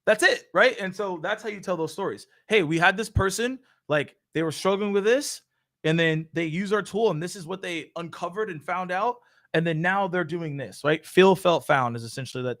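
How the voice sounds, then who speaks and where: High, lively man hosting a Q&A. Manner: energetic, playful, addresses audience as y'all. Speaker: show host. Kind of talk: live Q&A stream.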